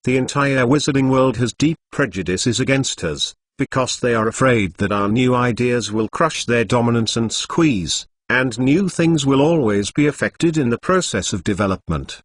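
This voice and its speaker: A man's voice: medium pitch, normal speed, hardly any pauses, close to an everyday voice. A man voicing a serious, polite male wizard leader who speaks in an earnest, persuasive way.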